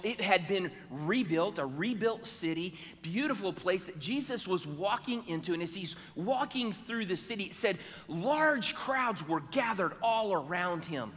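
A man's voice: sits high, fairly bright tone, in a large hall. A man preaching a sermon, telling a Bible story and acting out its people's voices. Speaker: pastor. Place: church sanctuary.

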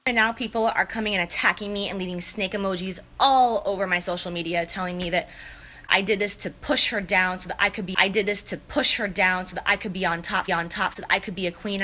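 A woman's voice: medium pitch, bright, forceful tone. A woman in an apology clip, rambling and flustered, repeating herself as she talks outdoors. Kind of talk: emotional apology video.

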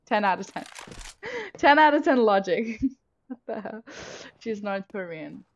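A woman's voice: medium pitch, very animated, a little slow, highs cut off, a little hiss or hum. A young woman streaming a shooter game, chatting casually and swearing freely into a headset mic, shrieking when she misses a kill. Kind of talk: casual live gameplay commentary. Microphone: gaming headset.

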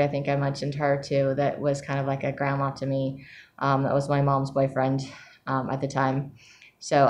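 A woman talking casually in a personal vlog about her writing, reflective and emotional, with many fillers and soft laughs. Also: deep voice. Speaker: vlogger sharing her writing journey.

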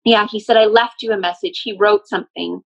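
A woman working as a medium channels a spirit in a casual spoken session, relaying messages emphatically. Her mid-range voice is steady in tone, creaky and a little fast. The sound is lo-fi.

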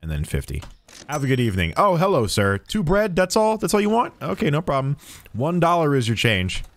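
A man's voice: a little high, sing-song, brisk, dry recording. A man streaming a game, chatting playfully with in-game customers as if he were a cheerful cashier. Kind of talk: casual gameplay commentary.

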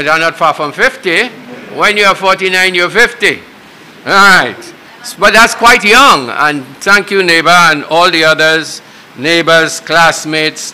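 Bright-voiced funeral officiant. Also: male voice, fairly high pitch, poor audio. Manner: chatty, explains hymns to the mourners. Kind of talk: leading a funeral service. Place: funeral service.

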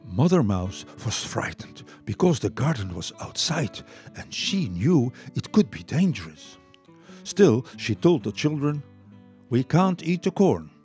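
An older man whose first language is Dutch, reading a children's story aloud to listeners in an expressive way. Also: mid-range voice, unhurried, soft background music. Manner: lively, expressive, warm read-aloud.

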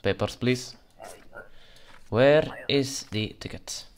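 A man's voice: mid-range voice, slow pace, a little hiss or hum. Man in a mock Russian accent. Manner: curt, stern official tone toward game characters. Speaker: let's play gamer. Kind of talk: gameplay commentary in character as a border guard.

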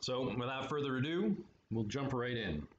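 Playful man reading to kids, animated lilting voice, echoey boomy room. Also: moderate pace. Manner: playful, chatty asides, lively. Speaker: storytime reader at art studio. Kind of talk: children's read-aloud with asides. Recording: echoey room, muffled, faint hiss.

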